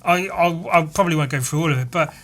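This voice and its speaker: A man hosting a casual solo podcast, swearing freely and telling a story panel by panel in an animated way. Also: a little high, fast. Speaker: podcast host.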